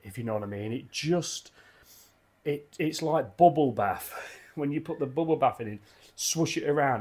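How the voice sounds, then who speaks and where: A man's voice: medium pitch, moderate pace, darkish tone. An enthusiastic man, rambling casually through a beer review at his home bar, often repeating his words.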